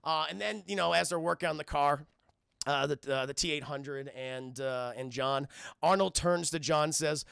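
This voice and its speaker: A young man casually recapping a film on a live stream, animated and profane, constantly addressing chat. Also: a little high, normal speed, creaky, smooth, no room sound, clean studio sound.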